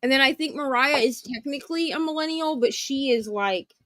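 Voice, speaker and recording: A young woman with a high voice tells work stories bluntly and frankly, with some casual swearing. She chats easily with a friend on a stream. Her voice is close and dry. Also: fairly quick, a bit bright, dry recording. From Florida. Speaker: co-host of a reading stream. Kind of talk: casual chat.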